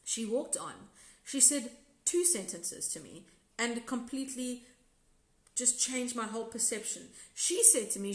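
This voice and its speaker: South African woman, fairly high voice, rambling candid recap host, roomy echo. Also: lively intonation, measured pace. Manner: rambling, self-correcting, candid. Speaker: episode reviewer and former contestant. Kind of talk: casual live recap chat reading viewer comments.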